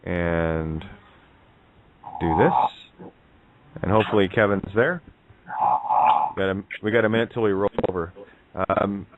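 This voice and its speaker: A man hosting an online group call, talking casually and haltingly with many fillers and restarts. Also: fairly low pitch, background noise. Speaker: host of an online call-in forum. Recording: tinny phone-like call audio.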